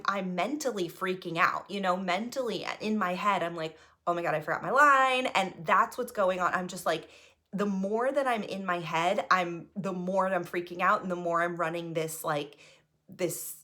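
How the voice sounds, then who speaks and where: Chatty woman with a slightly low voice. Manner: chatty, keeps asking "right?" between thoughts; animated, voice jumps when reliving nerves. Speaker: improviser and solo stage performer. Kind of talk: personal storytelling monologue.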